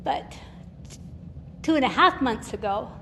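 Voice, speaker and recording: Older woman, guest speaker at a recovery meeting, candid and emotional, laughs often; gravelly voice, recorded in a hall with a long echo. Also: sits high, expressive, a little slow, pushed and bright. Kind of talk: personal testimony talk. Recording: reverberant hall with faint noise.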